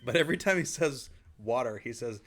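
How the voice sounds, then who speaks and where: A man's voice: mid-range voice, expressive, crowd noise. Southern guy hosting a podcast, laid back, chuckles a lot, drags out his vowels. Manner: easygoing, chuckling, drawn-out vowels. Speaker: podcast host. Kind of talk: casual chat.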